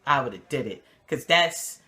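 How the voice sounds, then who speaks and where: A woman from New York hosting a casual TV review chat, talking in an animated, slangy, emphatic way. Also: very deep voice, measured pace. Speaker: host.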